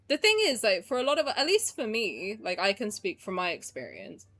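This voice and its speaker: A young woman streams a game, talking in a casual, rambling way full of "like"s. Her accent blends English and Canadian with a faint Indian trace, and her voice sits at an ordinary middle pitch. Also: big pitch swings, normal speed, pushed and bright. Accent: mixed English and Canadian, with a trace of Indian. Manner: chatty and rambling, with frequent "like" fillers. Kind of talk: casual gaming commentary and reading game text aloud.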